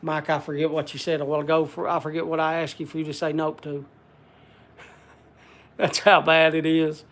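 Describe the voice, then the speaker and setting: A man's voice: on the high side, completely flat delivery, normal speed, pauses often, fairly bright tone. An older man hosting a casual livestream, rambling in a folksy country way and answering viewer comments. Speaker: livestream host.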